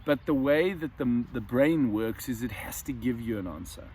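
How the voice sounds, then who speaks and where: Musing on camera for a self-help video, a man from South Africa speaks in an expressive, slightly mellow, medium-pitched voice at a normal pace. His unscripted reflections frequently restart and repeat words, over a faint hiss or hum.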